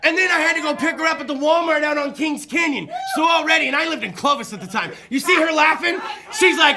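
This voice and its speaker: A man telling a crude, rowdy comedic story, often shouting and laughing. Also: extremely high pitch, fast, hardly any pauses, crowd noise. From Fresno area, California. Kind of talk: stand-up storytelling.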